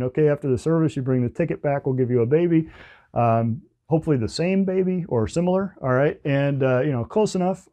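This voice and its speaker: A man's voice: on the high side, warm tone. A man lecturing on business law in a casual, joking way, tagging points with "okay?" and "right?". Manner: chatty, joking asides, frequent "okay?" and "right?" tags.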